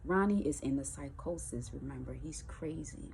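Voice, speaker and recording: A woman musician telling a personal story in a casual, colloquial way, lively and acting out the voices of the people in it. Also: sits low, normal speed, gravelly, slight background noise. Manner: animated, colloquial, acts out quoted voices.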